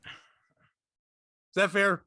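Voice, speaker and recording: A man's voice: very slow, sharp tone, no room sound. A man hosting a comedy podcast, joking crudely and laughing often in casual banter. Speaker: podcast host.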